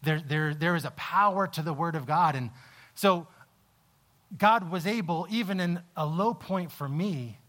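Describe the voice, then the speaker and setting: Storytelling pastor with a highish voice. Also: male voice. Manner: animated storytelling, halting restarts, drops low and quiet when reflective. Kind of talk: sermon with personal story.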